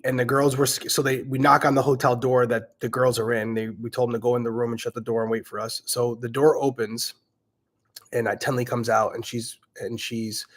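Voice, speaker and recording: A middle-aged man with a regional accent, a podcast host answering questions and telling animated stories, swearing casually. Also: mid-range voice. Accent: regional accent, self-noted. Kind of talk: casual Q&A storytelling.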